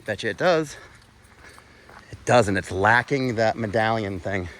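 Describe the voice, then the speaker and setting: Speaking a little slowly in a fairly low, fairly bright voice, a man narrates his walking vlog outside while exploring old bridges, recorded on his phone camera with slight background noise. He exclaims in awe to viewers, occasionally swears, and gets breathless at moments.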